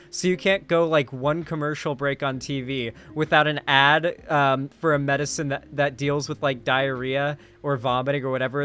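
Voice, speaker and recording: A man's voice: on the high side, fairly bright tone, smooth. A tired man chatting casually on a live stream, rambling and full of fillers. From United States. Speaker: streamer and commentator.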